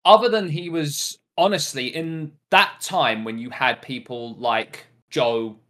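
A man's voice: medium pitch, steady tone, takes it slowly, bright, forceful tone. An English man with an English accent, co-hosting a casual wrestling podcast and laughing often. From England. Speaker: podcast co-host. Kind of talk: casual chat.

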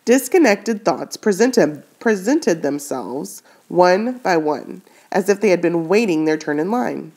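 A woman's voice: lowish voice, animated, a little slow, few pauses, darkish tone. A woman reading a children's novel aloud chapter by chapter, stopping to comment on the story and correcting her own slips as she goes. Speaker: reader.

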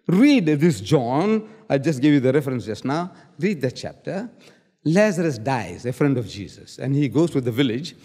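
A man with a fairly high voice argues his side of a public debate. He presses each point with rhetorical questions and repeats key words for weight. His voice rings out with the long reverb of a large hall. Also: darkish tone.

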